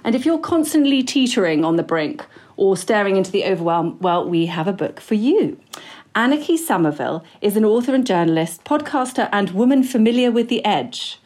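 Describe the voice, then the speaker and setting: A woman's voice: medium pitch, very animated, brisk, a little mellow. A woman in her forties co-hosting a podcast, chatty and self-mocking, rambling with fillers. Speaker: podcast co-host. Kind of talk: casual chat.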